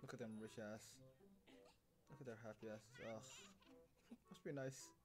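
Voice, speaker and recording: A man's voice: lowish voice, fairly even intonation, measured pace, long pauses, music in the background. A young man casually reacting to an anime episode, swearing and laughing often. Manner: loose, profane, laughing asides.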